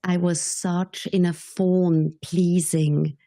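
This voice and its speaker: A woman from Switzerland, a podcast guest telling her story in a slow, measured way that sometimes drops to a whisper. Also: lowish voice, level tone, mellow, no room sound.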